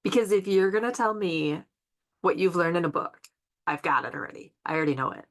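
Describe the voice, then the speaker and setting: A woman with a low, gravelly voice talks casually on a podcast. She speaks emphatically and draws on her own experience as a mother. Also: expressive, a little fast. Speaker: podcast co-host. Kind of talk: casual conversational podcast chat.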